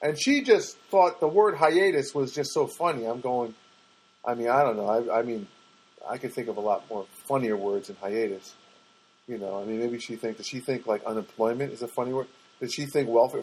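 Podcast host, male, husky voice, rambling self-mocking storyteller. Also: animated, normal speed, a little mellow, poor audio. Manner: rambling, self-mocking, mimics others in a high voice. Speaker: podcast host and stand-up comic. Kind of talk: casual storytelling monologue. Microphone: podcast microphone.

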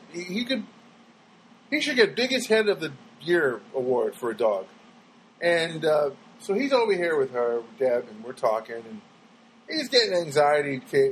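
A man's voice: fairly high pitch, slight background noise, rough recording. A man telling a rambling comic monologue at home, stammering and restarting as he goes. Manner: rambling, stammering, animated storytelling.

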